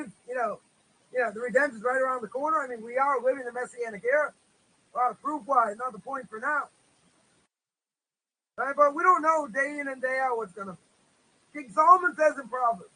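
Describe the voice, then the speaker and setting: A man's voice: extremely high pitch, sharp tone, rough recording. A man teaching a religious course as a rabbi, in a casual lecture style full of "you know" fillers, who tells stories and acts out their voices. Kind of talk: informal lecture. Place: Israel.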